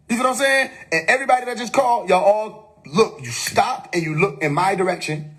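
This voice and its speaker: A man's voice: very high voice, quick pace, fairly bright tone, slightly rough. A man on a phone live stream giving an emphatic, preachy spiritual monologue, full of rhetorical questions and casual swearing.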